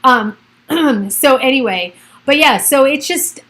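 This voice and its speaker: A woman's voice: sits high, expressive, takes it slowly, fairly bright tone, poor audio. A middle-aged woman, a realtor hosting a casual livestream from home, chatting in a rambling way and laughing often. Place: at home by a computer.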